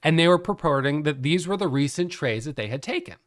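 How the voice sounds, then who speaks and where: A middle-aged man explaining a trading topic in a casual, animated way, laughing often as he tells the story. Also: a little high, fairly quick. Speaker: day trading educator.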